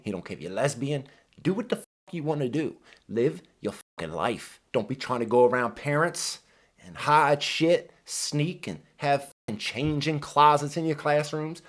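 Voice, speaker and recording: Animated, swearing man ranting. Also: medium pitch. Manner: heated, emphatic, heavy swearing. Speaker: commentator reacting to clips. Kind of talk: profane reaction rant.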